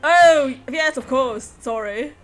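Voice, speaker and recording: Woman reading as a shy young student accused of a crime, hesitant, with game music low behind. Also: takes it slowly. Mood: flustered. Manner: hesitant, stammering. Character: timid young male student on trial, apologetic.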